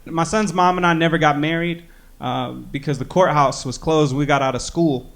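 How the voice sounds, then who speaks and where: A man's voice: on the high side, moderate pace, creaky, a bit bright, slight background noise. A young man doing a stand-up set on a club stage, talking in a loose, self-deprecating way with lots of "you know". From American Midwest. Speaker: stand-up comedian. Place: comedy club stage with audience.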